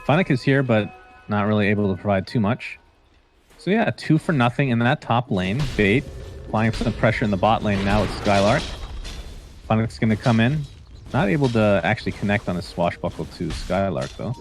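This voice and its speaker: A man doing play-by-play esports commentary, calling fights quickly and joking with his co-caster. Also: lowish voice, soft background music. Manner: excitable, joking, quick calls.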